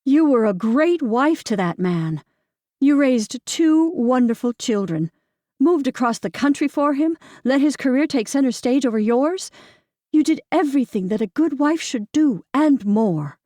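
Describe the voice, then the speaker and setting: A woman narrator voicing a comforting older sister who speaks gently but firmly. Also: sits high, expressive, measured pace, dry recording, studio quality, voice pushed up. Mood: soothing. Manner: soothing, reassuring.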